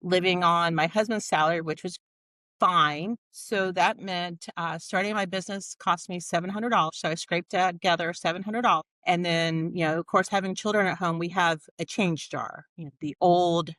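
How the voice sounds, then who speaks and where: A woman in her forties tells her story with candid, animated energy. Her voice sits a little low. The sound is dry and close to the mic. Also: moderate pace, no room sound. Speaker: podcast guest, nurse practitioner. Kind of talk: casual interview storytelling.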